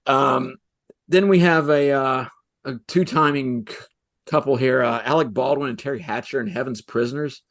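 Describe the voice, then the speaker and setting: Halting, thoughtful podcast co-host, male. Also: medium pitch, a bit bright. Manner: halting, full of "um" and "like" as he thinks. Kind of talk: casual chat.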